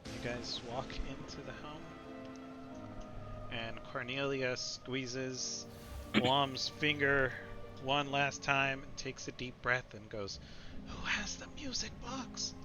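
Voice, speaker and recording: A man runs a tabletop game, narrating the scene slowly and pausing often on fillers. His voice sits at a middle pitch. Music plays clearly behind him. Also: fairly even intonation. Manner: slow, hesitant narration with many fillers. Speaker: game master. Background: background music.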